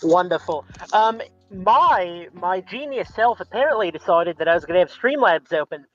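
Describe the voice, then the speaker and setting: A man's voice: high-pitched, animated, moderate pace, soft background music. A man from the United States, a podcast guest, chatting casually and rambling with many ums and restarts over an online voice call. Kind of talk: casual chat. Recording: dull lo-fi voice call audio.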